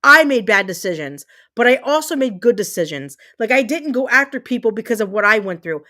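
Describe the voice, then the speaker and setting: High-voiced woman ranting heatedly. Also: lively intonation, brisk, bright, forceful tone. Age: 30s. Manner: emphatic, repetitive, heated, swearing. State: fuming. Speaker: livestream host. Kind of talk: angry livestream rant.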